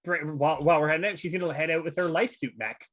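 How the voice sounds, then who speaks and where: A man's voice: a little high, steady tone, fast talker, a bit bright. A man playing a tabletop game, speaking hesitantly with frequent restarts. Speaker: player.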